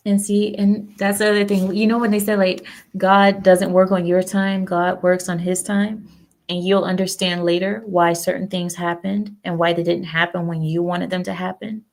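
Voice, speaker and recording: Female streamer host, rambling and outspoken, gravelly edge. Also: on the low side, little pitch movement, normal speed. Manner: chatty, rambling, opinionated, talks back to chat. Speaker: livestream host. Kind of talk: casual political chat with viewers.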